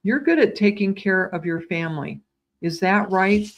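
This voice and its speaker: A woman giving live psychic readings, speaking in a tender, soothing way with gentle repetitions and small stumbles, calling viewers sweetheart. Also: mid-range voice, lively intonation, moderate pace, slight background noise. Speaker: psychic medium.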